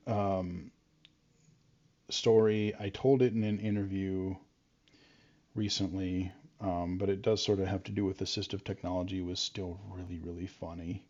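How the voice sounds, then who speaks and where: Man, casual vlog storytelling, rambling with fillers, low voice, muffled lo-fi audio. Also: flat delivery, unhurried, warm tone. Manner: rambling, frequent fillers and restarts. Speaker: vlogger. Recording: dull lo-fi sound.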